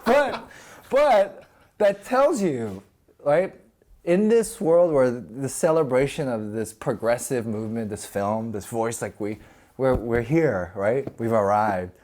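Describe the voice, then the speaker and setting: A man in his forties swaps stories on a podcast, his pitch swinging widely as he goes. He laughs often and acts out the people in his stories. His middle voice carries easily in relaxed talk. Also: takes it slowly. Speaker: actor and podcast host. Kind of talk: casual storytelling in a podcast interview.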